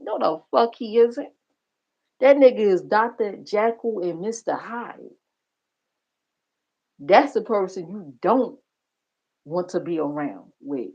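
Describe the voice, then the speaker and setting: A woman hosts her own livestream, talking straight to her viewers in blunt, profane gossip. Her voice sits at a middle pitch. The stream audio sounds dull and lo-fi. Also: mellow. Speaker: livestream reaction host. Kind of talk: casual commentary.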